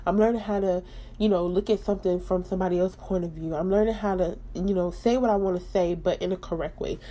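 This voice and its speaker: A woman's voice: on the low side, steady tone, quick pace, mellow. A young woman hosting her own podcast, talking candidly and emphatically about her faith and personal life. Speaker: podcast host.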